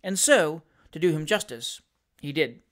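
Steady, measured storybook narrator. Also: medium pitch. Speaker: audiobook reader. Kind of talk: reading a classic novel aloud.

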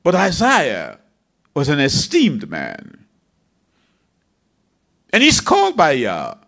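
A man's voice: a little high, huge pitch swings, slow pace, creaky, fairly bright tone. A man preaching a sermon, reading scripture in a dramatic, emphatic way.

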